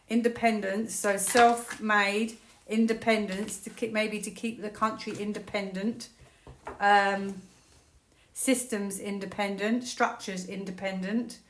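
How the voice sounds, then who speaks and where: A woman from the United Kingdom giving a casual solo tarot reading, musing aloud and breaking into excited, laughing exclamations. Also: mid-range voice, slow pace, long pauses, echoey room, a little hiss or hum. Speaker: tarot reader.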